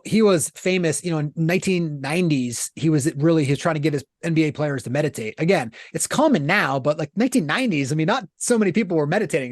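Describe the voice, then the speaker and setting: A man in his thirties giving candid interview answers, blunt and animated, with casual swearing. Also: a little high, dry recording, clean studio sound. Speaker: guest, author and business founder.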